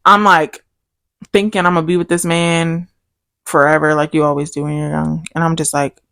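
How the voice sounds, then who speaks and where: A woman's voice: moderate pace, creaky, no echo. A young woman co-hosting a podcast, telling a story casually and acting out the quoted lines. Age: young adult. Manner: animated storytelling, acts out quotes with big pitch jumps. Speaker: podcast co-host. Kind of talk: casual chat.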